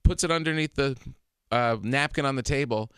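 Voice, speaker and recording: A man guest on a radio show, chatting casually and telling animated stories, laughing often, in a studio. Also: mid-range voice, a little fast, smooth, no room sound. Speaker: comedian guest. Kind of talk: casual interview chat.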